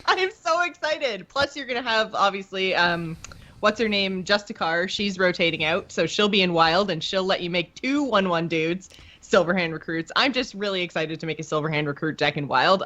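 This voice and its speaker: A woman co-hosting a podcast, chatting casually in a bubbly, excitable way. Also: lowish voice, normal speed, muffled recording. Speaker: podcast co-host. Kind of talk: casual chat.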